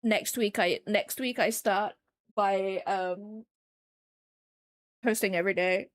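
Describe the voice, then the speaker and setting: A woman's voice: mid-range voice, steady tone, normal speed, dry recording. A woman streamer chatting casually with her viewers while she paints, rambling along with lots of fillers. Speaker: streamer and digital artist.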